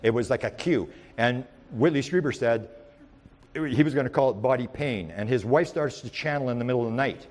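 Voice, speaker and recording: Male lecturer with an average pitch who tells rambling anecdotes in the present tense and often restarts. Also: a little fast. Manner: rambling, with frequent restarts and repeated words; animated storyteller who speaks in the present tense. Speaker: UFO researcher giving a talk.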